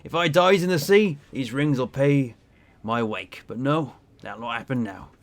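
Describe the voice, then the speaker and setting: A man reading as a gruff old sea captain. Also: mid-range voice, expressive, a bit bright, natural voice. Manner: slow, heavy storytelling read-aloud.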